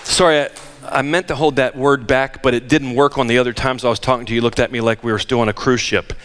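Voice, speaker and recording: An older man preaching a sermon, emphatic and animated, firing rhetorical questions at the congregation. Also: medium pitch, quick pace, a little hiss or hum. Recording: long hall reverb.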